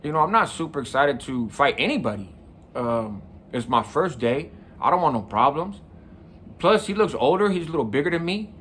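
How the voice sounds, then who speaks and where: A man's voice: fairly high pitch, lively intonation, normal speed, a bit bright, a little hiss or hum. A middle-aged man from California, the host of a show, telling a personal story in a casual, conversational way, often checking in with the listener. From San Mateo County, California. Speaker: podcast host.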